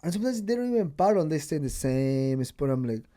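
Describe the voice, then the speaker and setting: A man's voice: on the high side, big pitch swings, quick pace, mellow. A man hosting a podcast, telling stories in casual chat, swearing freely and acting out what people said. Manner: swears freely, acts out quotes. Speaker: podcast host.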